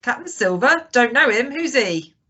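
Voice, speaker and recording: Curt commanding ship captain played by a woman reader, storybook read-aloud, bright and sharp. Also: medium pitch, very animated, moderate pace, lo-fi sound. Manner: clipped, commanding. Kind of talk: audiobook character reading.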